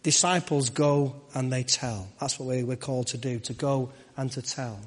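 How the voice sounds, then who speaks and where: A man's voice: medium pitch, moderate pace, few pauses, in a large hall. A man preaching a sermon and leading prayer, with rhythmic repeated phrases and rhetorical questions. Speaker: pastor. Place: church.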